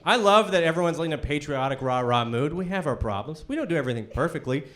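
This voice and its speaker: High-voiced high-energy stand-up comic. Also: male voice, lively intonation, quick pace. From Canada. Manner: high-energy, incredulous, shouty bursts. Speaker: stand-up comedian. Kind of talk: stand-up comedy. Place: live comedy venue. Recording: live stage with loud audience laughter. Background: audience laughter.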